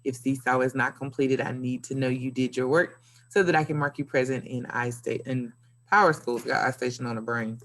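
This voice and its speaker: A woman's voice: rumbling low, fairly even intonation, a little fast, fairly bright tone. A woman teacher giving a recorded video lesson to young pupils, upbeat and playful with sing-song emphasis. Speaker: elementary school teacher.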